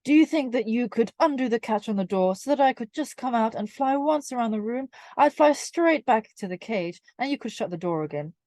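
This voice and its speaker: A woman voicing a sly little male dragon in a storybook, begging slowly and sweetly. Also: on the high side, lively intonation, mellow, dry recording, pitched above the performer's own voice, close to an everyday voice. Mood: pleading. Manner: slow, wheedling begging. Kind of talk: storybook reading aloud.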